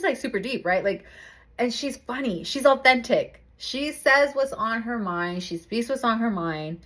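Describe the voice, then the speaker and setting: A woman's voice: a little high, animated, moderate pace, a bit bright. A young woman giving a casual tarot reading to camera, chatty and laughing often, swearing casually. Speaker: tarot reader.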